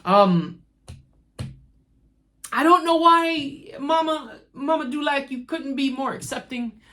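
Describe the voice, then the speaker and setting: A woman's voice: high-pitched, slow pace. A woman giving casual commentary on a TV series, rambling and laughing, and talking straight to the characters as if they could hear her. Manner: animated, talks straight to the characters; chatty, rambling, laughs easily. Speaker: TV show reviewer.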